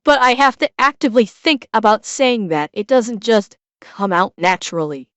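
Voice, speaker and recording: A woman's voice: a little high, animated, moderate pace, fairly bright tone, no room sound. A woman from Chicago with a Midwestern American accent, casually chatting with her chat while reacting to a video as a streamer. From Chicago, USA.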